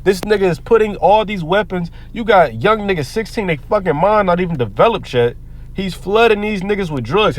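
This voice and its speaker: A man's voice: high voice, animated, brisk. A man giving heated, profane, preacher-like commentary on the news, quoting scripture between rants. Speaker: commentary vlogger.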